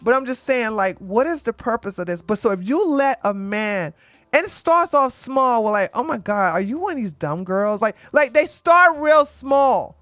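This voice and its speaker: A woman hosting an opinionated commentary show, talking bluntly and emphatically, often tagging points with "okay?" and getting loud when she acts out arguments. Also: a little high, moderate pace, dry recording. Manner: gets loud and animated when acting out arguments. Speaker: commentary channel host.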